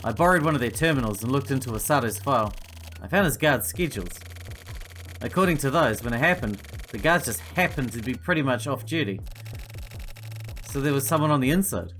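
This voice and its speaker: A man's voice: medium pitch, animated, fairly quick, a bit bright, a little hiss or hum, natural voice. A man reading game dialogue aloud as a chatty, laid-back male agent with a casual, rambling way of talking. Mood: explaining. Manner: casual, rambling, filler-heavy. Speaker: game reader voicing characters.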